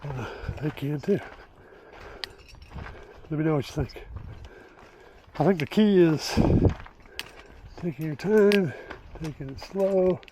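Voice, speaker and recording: Older man slowly narrating his hike. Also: on the high side, noisy background. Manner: slow, unhurried, self-deprecating, with many pauses and fillers. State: out of breath from hiking. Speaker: hiking vlogger. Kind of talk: casual hiking vlog narration. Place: outdoors on a rocky desert canyon trail. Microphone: handheld or body camera mic while walking.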